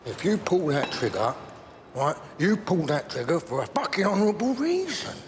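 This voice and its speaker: An actor playing a volatile middle-aged London gangster with a London accent, rambling, swearing and breaking into shouts. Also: male voice, fairly high pitch, big pitch swings, normal speed. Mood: furious. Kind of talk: television drama acting. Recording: long reverb, faint background noise.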